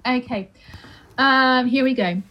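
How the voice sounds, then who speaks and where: A woman teaching the pronunciation of song lyrics in a chatty, informal way, sounding out each word slowly. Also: high voice, lo-fi sound, a little hiss or hum. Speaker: singing and Dutch diction teacher. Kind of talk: lesson, talking through song pronunciation.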